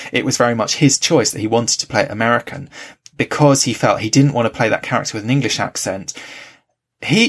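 A man's voice: medium pitch, creaky, slightly rough. A man co-hosting a podcast, talking things through in a casual, thoughtful way with lots of hedging and fillers. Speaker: podcast co-host. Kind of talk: casual discussion.

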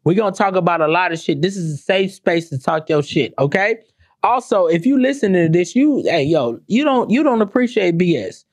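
Her voice is animated and darkish, at a normal speed, captured cleanly in a studio with no echo. Hosting her own podcast, she rants bluntly and sarcastically, swearing a lot, asking rhetorical questions, and alternating high exclamations with low, muttered asides.

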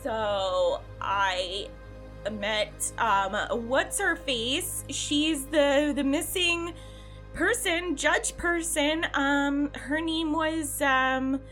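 A woman's voice: high voice, extremely slow, fairly bright tone, soft background music. Rambling young woman telling a story. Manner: rambling, hesitant, many fillers and restarts. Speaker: player character. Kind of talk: in-character tabletop role-play.

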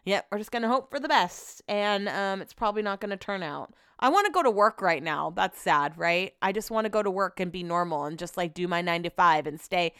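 A young woman hosting a podcast, chatting casually on her own and griping through animated stories. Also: mid-range voice, a little fast, hardly any pauses, clear, resonant tone, no room sound, studio quality. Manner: chatty, animated, complaining storyteller. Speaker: podcast host. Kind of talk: casual solo chat.

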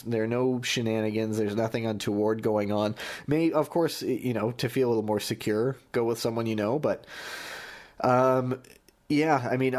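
A man, a sports journalist recalling match-day stories in a podcast conversation. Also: medium pitch. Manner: anecdotal storytelling, many restarts.

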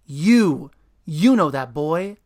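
A reader voicing an angry male building super who shouts accusations down from a fire escape. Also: mid-range voice, expressive, extremely slow, exaggerated voice.

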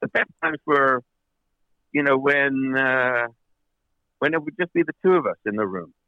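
A man's voice: mid-range voice, lively intonation, moderate pace, no echo, narrow, tinny audio. A man, a record producer as an interview guest, telling long anecdotes with many fillers and restarts. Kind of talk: interview storytelling.

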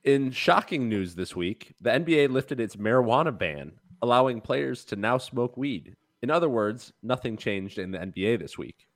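A man's voice: mid-range voice, animated, normal speed. Young man in mock newscaster voice. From Midwest US. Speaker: podcast co-host reading joke news.

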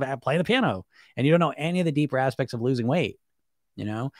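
A man coaching weight loss on a live stream, talking rapidly and bluntly, swearing casually and tagging his points with "right?" and "you know?". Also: medium pitch, expressive, dry recording, studio quality. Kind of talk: live-stream monologue to viewers.

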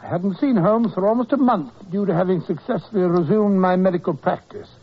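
An actor playing a kindly doctor who narrates and reassures, in a 1940s radio drama, speaking briskly. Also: male voice, sits high, breathy edge. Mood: telling. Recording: dull lo-fi old radio recording.

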